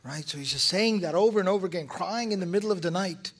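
Husky, high-voiced male storyteller. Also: quick pace. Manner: vivid, scene-painting, recites classical verse. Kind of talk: casual storytelling lesson.

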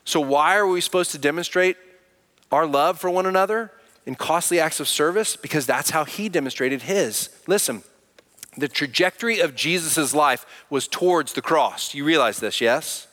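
A man's voice: a little high, normal speed, fairly bright tone, long reverb tail. A pastor preaching a sermon in an earnest, conversational way, putting direct questions to his congregation. He mentions that he can sound angry when he is not.

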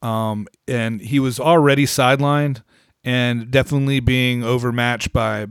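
A man's voice: mid-range voice, steady tone, a little slow, clean tone, no room sound, clean studio sound. A man co-hosting a podcast, thoughtful and rambling in casual movie review chat, often trailing off. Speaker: podcast co-host.

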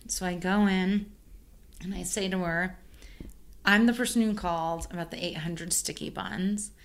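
Woman, caterer, casual chat, lower voice, animated storyteller. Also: unhurried. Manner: animated storyteller, many "like" fillers.

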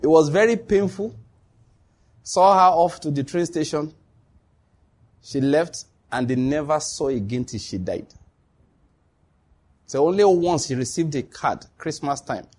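Preacher guy, kinda husky, higher voice, laughs a lot while telling bible stories. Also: unhurried, long pauses. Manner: animated storytelling, laughs often, acts out dialogue. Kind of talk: sermon.

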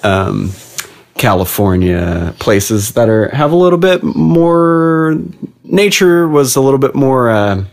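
A man's voice: medium pitch, lively intonation, takes it slowly. A man from Oklahoma, a dad co-hosting a podcast, chatting casually and playing along in goofy make-believe games. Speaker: podcast co-host, father. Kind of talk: casual playful chat.

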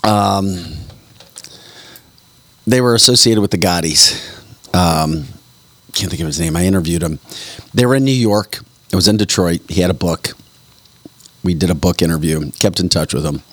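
Low-voiced joking radio host man. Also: moderate pace, long pauses, fairly bright tone, no echo. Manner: jokey, reads listener messages aloud. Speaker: radio morning show host. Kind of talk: casual radio banter.

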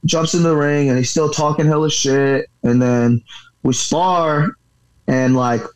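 A man who fights for a living and teaches boxing, telling a story in a loose, rambling interview. He swears freely and keeps reaching for filler words as he talks. His voice sits a little higher than most men's. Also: fairly even intonation, unhurried, low-quality recording. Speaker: professional fighter and boxing coach.

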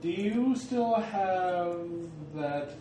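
A man playing a tabletop game, trading jokes and quick banter with the table. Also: high voice, lively intonation, mellow. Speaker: player. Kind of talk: casual tabletop game chat. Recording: echoey room with clear noise and clicks.

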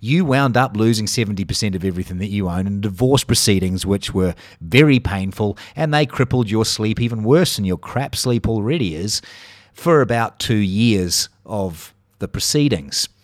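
A man's voice: fairly low pitch, expressive, normal speed, no room sound, studio quality, close to an everyday voice. A man voicing his own penis as a weary male figure, lecturing him reproachfully.

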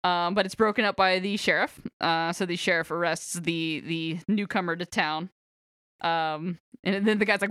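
A woman rambles through a story recap in a loose, chatty way, with frequent giggles and "um"s. Her voice is medium in pitch and recorded dry and close, with no room sound. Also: fairly even intonation, normal speed, fairly bright tone, clear, resonant tone, no echo. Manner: giggly, rambling with many fillers. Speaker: podcast co-host recapping a book. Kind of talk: casual chat.

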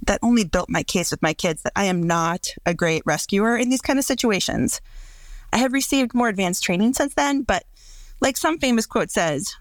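A woman, a mother, tells a short story of her own about her family. Her delivery is measured and laughs at herself, and the recording is close and dry, with no room sound. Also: mid-range voice, no room sound. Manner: self-deprecating, measured. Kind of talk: casual personal storytelling.

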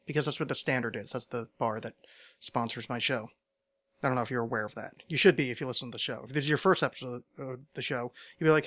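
A man's voice: medium pitch, fast talker, pushed and bright. Wry rambling American man, solo podcast. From United States. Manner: rambling, self-deprecating, wry asides. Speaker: podcast host. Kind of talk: solo casual monologue. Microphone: home podcast microphone.

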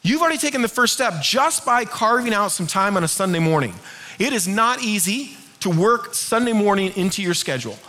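A middle-aged male pastor delivers a sermon in a high, bright voice at a brisk pace. He keeps things conversational and lively, drawing the congregation into call-and-response.

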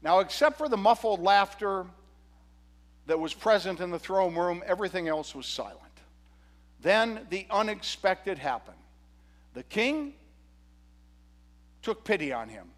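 Animated male pastor telling a story. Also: high-pitched, measured pace, long pauses, long reverb tail. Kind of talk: sermon.

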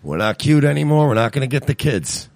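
Gravelly, joking male co-host. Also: mid-range voice, sing-song, fast, a little mellow, no echo. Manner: self-deprecating joking. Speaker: podcast co-host. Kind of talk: casual chat.

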